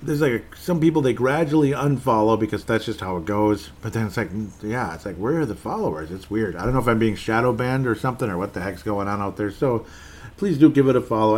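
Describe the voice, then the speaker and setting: A man's voice: fairly low pitch, a little mellow. A man hosting a solo sports podcast, rambling and opinionated, often cutting himself off mid-sentence. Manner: rambling, opinionated, self-interrupting. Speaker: podcast host. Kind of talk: casual solo podcast chat.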